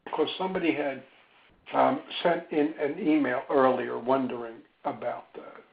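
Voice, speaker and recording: A man speaking as a psychologist in a webinar, gentle and reflective, with many ums and pauses. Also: mid-range voice, steady tone, creaky. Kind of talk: slow, thoughtful webinar talk. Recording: tinny phone-line sound.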